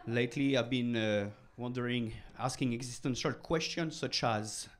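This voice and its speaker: A middle-aged man from France with a French accent, doing a stand-up comedy set in a halting, deadpan way with non-native phrasing. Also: mid-range voice. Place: comedy club stage.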